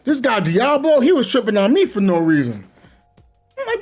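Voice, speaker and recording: A man's voice: very high-pitched, huge pitch swings, brisk, soft background music. A young man, chatting casually and animatedly about online gaming, laughing often and using slang. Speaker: gaming streamer. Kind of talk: casual chat.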